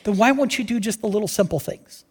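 A man's voice: high voice, fast, breathy edge. A man preaching a sermon as pastor, telling the story with energy and acting out the voices of the people in it. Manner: animated storytelling, acts out voices. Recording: reverberant church hall.

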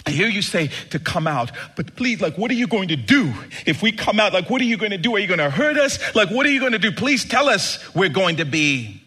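A man's voice: high voice, very animated, brisk, few pauses, pushed and bright, husky, pitched above the performer's own voice, full character voice. A man voicing a frightened male demon who nervously begs and repeats himself. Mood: pleading.

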